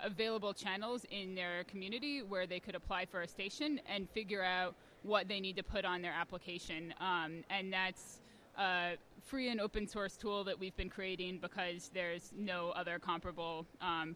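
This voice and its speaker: A woman being interviewed at a conference, explaining things clearly with frequent ums. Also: fairly low pitch, a bit bright, slight background noise. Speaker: guest, community radio organizer.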